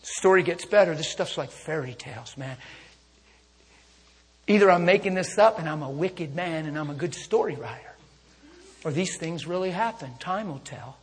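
Very husky male preacher, reverberant hall. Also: a little high, expressive, moderate pace. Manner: intimate hushes rising to fervent calls. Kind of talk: sermon with storytelling. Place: church service with a congregation.

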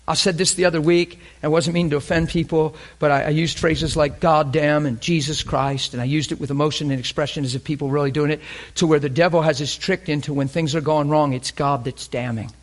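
A male preacher delivering a sermon, fervent and openly emotional, asking the congregation questions and swinging between loud emphasis and hushed near-whispers. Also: a little high, fairly even intonation, fairly quick, few pauses.

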